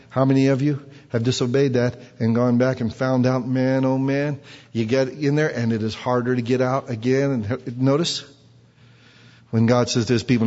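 A man's voice: medium pitch, steady tone, moderate pace, a little mellow. A man preaching a sermon who quizzes the congregation and acts out quotes. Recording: dull recording with long hall reverb.

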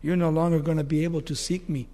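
A grave, stern God turning his back, voiced by a male preacher. The words come low and hushed, slow and final. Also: steady tone, natural voice.

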